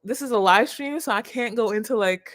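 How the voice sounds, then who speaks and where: Animated woman coaching on a live stream. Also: fairly high pitch, fairly quick. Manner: animated, expressive, swings from soft to loud. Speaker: personal branding coach.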